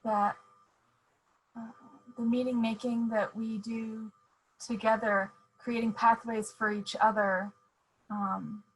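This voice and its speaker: Woman host on a video call, slow and soft, light background hiss. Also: medium pitch, poor audio. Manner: slow, soft, many fillers. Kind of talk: moderating a virtual book event.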